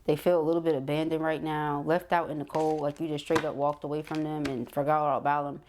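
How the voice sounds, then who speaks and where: A woman's voice: sits low, little pitch movement, fast, background noise. A woman giving a tarot reading, reading card messages aloud and checking in with the listener with frequent "okay?" asides. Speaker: tarot reader.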